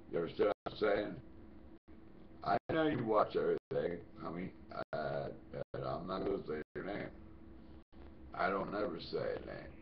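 Older guy ranting and cussing at the camera, slow and gravelly, echoey lo-fi room sound. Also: low voice, slight background noise. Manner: profane and confrontational. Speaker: vlogger. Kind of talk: angry ranting monologue. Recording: echoey dull lo-fi home recording.

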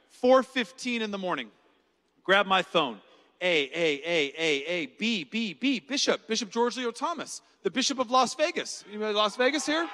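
A man in his forties giving a conference keynote, telling a personal story with jokes and acted-out quotes. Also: high voice. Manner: animated, jokey storyteller who acts out quotes. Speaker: keynote speaker. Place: large conference hall. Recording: reverberant hall.

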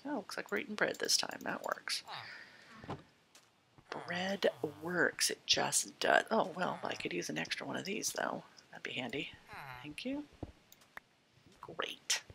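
Chatty woman with a gravelly, whispery voice. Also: on the low side, very animated, a little slow, pauses often, pushed and bright. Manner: chatty, talks to game characters, drifts in and out of whispers. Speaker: gameplay host. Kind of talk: casual let's-play commentary.

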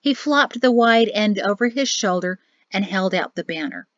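A woman narrating an audiobook in a lively, expressive storytelling manner. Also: medium pitch, moderate pace, dry recording. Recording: dry, slightly muffled audio.

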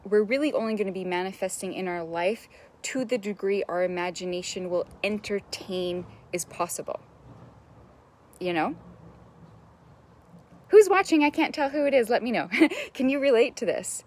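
A woman's voice: mid-range voice, normal speed, pauses often, darkish tone. A young adult woman, a business mentor, giving an enthusiastic, chatty live-stream coaching talk, greeting viewers and swearing now and then.

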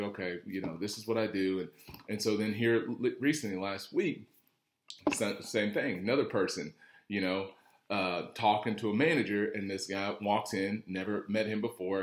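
A man's voice: on the low side, reverberant. A man, an automotive sales trainer, talking casually to camera in a rambling storytelling way, acting out what others said.

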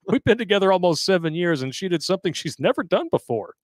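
A man's voice: sits high, very animated, fairly quick, dry recording. Crude, laughing man with a dry close sound. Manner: crude, jokey, laughs often. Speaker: podcast host reading a listener story. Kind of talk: casual live-stream chat.

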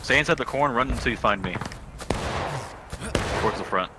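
A man in multiplayer voice chat calmly calling out directions to his squad, with loud gunfire all around. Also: medium pitch, brisk, noisy background. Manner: practical, calls out directions to the squad. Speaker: teammate giving orders.

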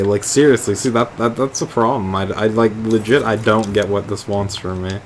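A man's voice: lowish voice, fairly even intonation, moderate pace, slight background noise. A young man giving rambling, profane, joking commentary while playing a video game. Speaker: gaming video host. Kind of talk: casual gameplay commentary. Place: indoors at home, late at night.

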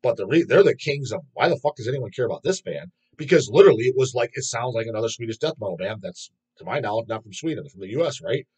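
A man's voice: medium pitch, animated, quick pace, hardly any pauses, a little mellow, slightly rough, poor audio. A man hosting his own metal music channel, ranting casually and bluntly to camera, swearing constantly and speaking with strong opinions.

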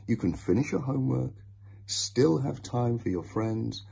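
A man's voice: mid-range voice, lively intonation, unhurried, vocal fry, dark tone, husky, voice pushed up, full character voice. A man voicing an anxious, caring mother who scolds firmly, in a children's storybook reading. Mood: worried. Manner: worried, firm and scolding.

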